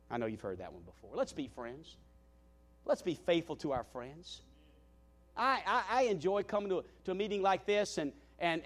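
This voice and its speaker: A man preaching a sermon as a guest speaker in a church. He swings between loud emphatic calls and hushed tender asides, repeats his phrases and stumbles over restarts. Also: high voice. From Southern United States. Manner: stammering restarts. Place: church meeting hall.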